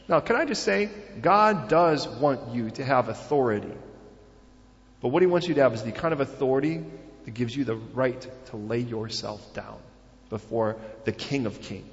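A man's voice: mid-range voice, normal speed, big-room sound, muffled recording. A man preaching a sermon in a conversational way, full of rhetorical questions and filler phrases. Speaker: pastor.

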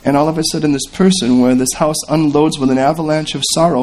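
A man's voice: fairly high pitch, brisk, few pauses. A male pastor preaching a sermon, slipping into the voices of the people in the story he tells. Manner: expressive preaching, acts out the voices of biblical figures.

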